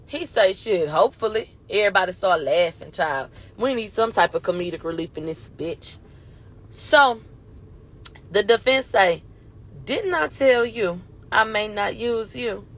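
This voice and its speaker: High-voiced woman in animated gossip commentary. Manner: animated retelling with profanity and acted-out quotes. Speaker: commentary host. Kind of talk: casual commentary recapping court testimony.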